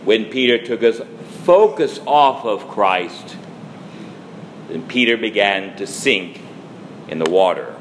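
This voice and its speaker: A man preaching a sermon in a slow, measured delivery, as a priest addressing his congregation. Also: fairly low pitch, animated, a little hiss or hum, poor audio. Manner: slow, measured preaching with dramatic quoted lines.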